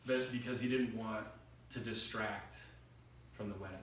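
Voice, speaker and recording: A man's voice: on the low side, steady tone, normal speed, a little hiss or hum. A middle-aged man preaching a sermon, telling stories with acted-out quotes and rising emphasis. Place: church hall. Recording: echoey room picked up from far off.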